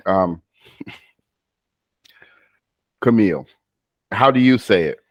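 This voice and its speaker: A low-pitched man leads a one-on-one speaking practice. He coaches patiently, breaks off to correct and restarts his sentences. The sound is dry and close, with no room around it. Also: expressive, unhurried, dry recording, lo-fi sound. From United States. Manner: patient, coaching, self-interrupting. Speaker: speaking tutor.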